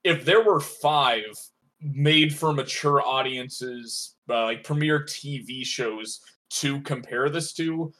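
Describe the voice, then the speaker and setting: A man co-hosting a casual review podcast, talking in a measured, analytical way with frequent "uh" and "like". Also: mid-range voice, fairly bright tone. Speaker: podcast co-host reviewing a show.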